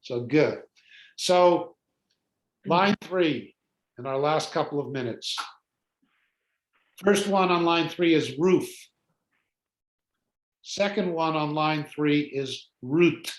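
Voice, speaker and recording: A man with a slightly raised pitch leads a beginners' Hebrew class. He sounds out each letter slowly and patiently, breaking it up with easygoing jokes. The room is echoey. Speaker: rabbi teaching Hebrew. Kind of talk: relaxed classroom teaching with jokes.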